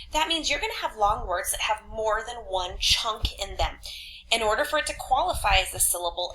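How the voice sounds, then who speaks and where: Woman teacher talking to third graders, upbeat and clear, bright highish voice, bit of hiss behind. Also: rough recording. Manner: upbeat, speaks slowly and clearly to children. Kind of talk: online class lesson video.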